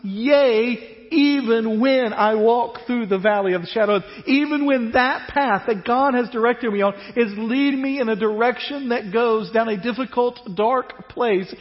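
A man preaching a sermon as pastor, animated and dropping to a hush at the ends of phrases. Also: extremely high pitch, a little slow. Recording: dull reverberant church hall.

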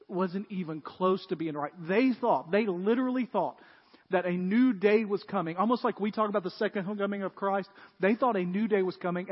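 A man preaching a sermon as pastor, telling stories and becoming animated as he retells a scene. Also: sits high, breathy edge. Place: church. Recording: dull, echoey church hall.

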